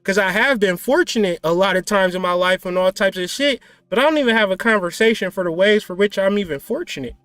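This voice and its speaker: A man's voice: sits high, quick pace, hardly any pauses, a bit bright, clean tone, dry recording. A man giving blunt, profane spiritual advice in a casual talk, preachy with playful asides. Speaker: spiritual teacher.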